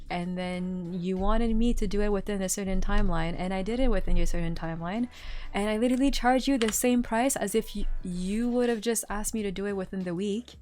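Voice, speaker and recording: A young woman streamer telling work stories in casual chat, animated and laughing often, with lots of filler words. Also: medium pitch.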